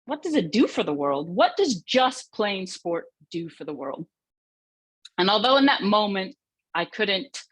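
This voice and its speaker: A woman delivers a motivational keynote in an earnest, reflective voice. Her pitch sits in an ordinary middle range. The sound is dry and close, with no room around it. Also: no room sound. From United States. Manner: earnest, reflective storytelling with rhetorical questions. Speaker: conference speaker, former footballer.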